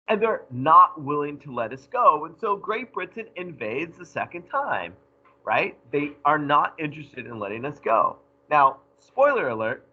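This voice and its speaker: A male history teacher giving a recorded lecture, animated and jokey, talking straight to his students. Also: on the high side, breathy edge, lo-fi sound.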